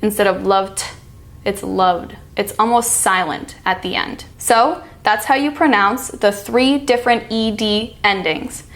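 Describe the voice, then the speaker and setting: An American woman coaching pronunciation, saying each word slowly and clearly so it can be repeated. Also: a little high, fairly bright tone. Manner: slow, demonstrating each sound. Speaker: accent coach. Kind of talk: pronunciation lesson.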